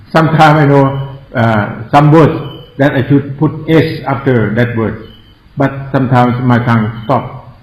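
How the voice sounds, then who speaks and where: A man with a Thai accent, a native Thai speaker, teaching a meditation class, explaining words slowly and spelling them out, joking at his own expense and chuckling often. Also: mid-range voice, steady tone. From Thailand. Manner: self-mocking humor, chuckles often. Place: meditation hall. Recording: echoey room, dull lo-fi sound.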